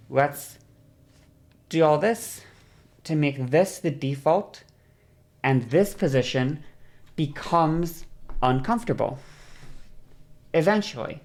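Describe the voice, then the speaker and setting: Brief: woman streamer, low and gravelly, loose rambling explainer who slides her voice up and down to demonstrate. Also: darkish tone. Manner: rambling, self-correcting, laughs often. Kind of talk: casual livestream explainer.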